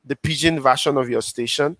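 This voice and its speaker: A man's voice: mid-range voice, brisk, a bit bright, no echo. A man hosting an interview, asking questions in an encouraging, conversational way. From Nigeria. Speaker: interview host. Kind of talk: casual interview chat.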